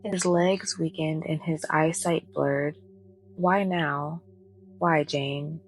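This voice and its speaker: A woman narrating a bedtime story in a soft, calm voice. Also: deep voice, takes it slowly, slight background noise, rough recording. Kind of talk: soft-spoken bedtime reading.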